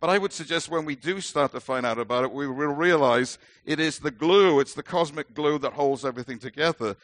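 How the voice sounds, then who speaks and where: A man's voice: on the high side, fairly quick, fairly bright tone, no room sound. A middle-aged man with a British accent preaching a sermon as a minister, earnest and emphatic with light self-deprecating humor.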